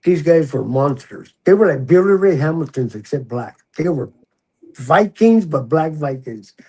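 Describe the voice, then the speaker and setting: Older guy, retired prison officer, spinning a story and doing the voices, kinda husky. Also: fairly high pitch, unhurried, poor audio. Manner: animated, acts out the quoted voices. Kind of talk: casual storytelling in a podcast interview.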